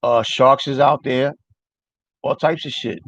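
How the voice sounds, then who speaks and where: A man's voice: medium pitch, fairly even intonation, measured pace, a bit bright, no echo. A man hosting a casual livestream chat, rambling loosely and swearing often while answering viewers. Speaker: livestream host. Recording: dry, dull lo-fi mic.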